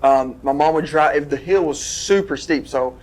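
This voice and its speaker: Animated storytelling man, higher voice. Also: normal speed. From Tennessee. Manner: animated, lively storyteller with sound effects. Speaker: guest, former wrestler. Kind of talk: casual storytelling.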